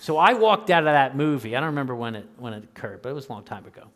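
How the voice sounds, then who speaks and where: A man's voice: medium pitch, very animated, rapid-fire. Older man lecturing in a reverberant hall. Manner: conversational, keeps asking "right?". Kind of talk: lecture Q&A answer.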